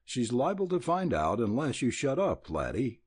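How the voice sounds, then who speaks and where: A man's voice: mid-range voice, huge pitch swings, moderate pace, darkish tone, no echo, studio quality, voice pushed up. A man voicing a blunt, curt middle-aged rancher and father. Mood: gruff. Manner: gruff, curt.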